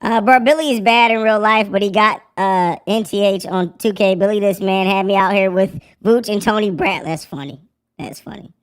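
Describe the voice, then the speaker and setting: A young man hosting a live sports podcast through a squeaky pitch-shift voice changer, joking and swearing in slang. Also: moderate pace, clear, resonant tone. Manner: joking, profane slang, mock breaking-news delivery. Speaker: podcast host.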